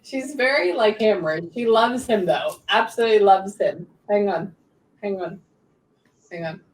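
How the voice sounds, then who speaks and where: A woman working as a psychic medium, relaying messages in quick bursts and often pausing to say "hang on" during a live reading session. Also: medium pitch, animated. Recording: echoey room, distant mic, faint background noise.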